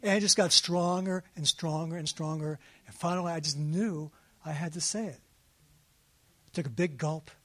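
A man in his sixties telling a personal story in a sermon, animated and laughing at himself. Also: a little high, normal speed. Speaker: speaker at a faith gathering.

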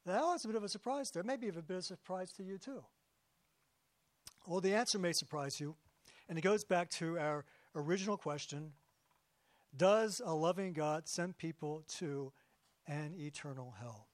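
A man giving a sermon as pastor, conversational and jokey, slowing down for emphasis. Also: high voice, no room sound.

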